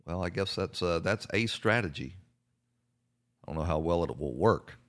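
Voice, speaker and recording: Male talk host, very low voice, indignant, halting with fillers. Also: lively intonation, a bit bright. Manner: indignant, hesitant with many fillers. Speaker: political talk show host. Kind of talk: conservative radio talk commentary.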